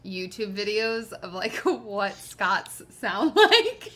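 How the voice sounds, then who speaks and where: A woman's voice: medium pitch, big pitch swings, slow, fairly bright tone. A woman co-hosting a podcast in casual banter, giggly and a little flustered. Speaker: podcast co-host.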